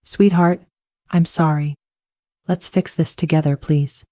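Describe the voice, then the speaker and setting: A manipulative, guilt-tripping mother, read by a woman in a low, mellow voice with dry, close sound. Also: steady tone, moderate pace, no echo, natural voice.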